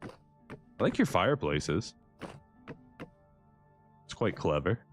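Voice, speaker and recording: Streamer: a teasing, chatty man with a lower voice and animated pitch, faint background music. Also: normal speed. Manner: joking, chatty, teasing the characters. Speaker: livestreaming gamer. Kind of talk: live gameplay commentary.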